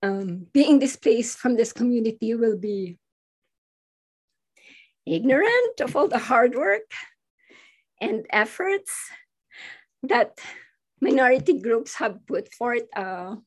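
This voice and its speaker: Lady on a video call, slow and halting, kinda emotional, slightly high voice. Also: very animated. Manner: halting, emotional, many restarts. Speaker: Filipino restaurant owner. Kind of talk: emotional online panel talk.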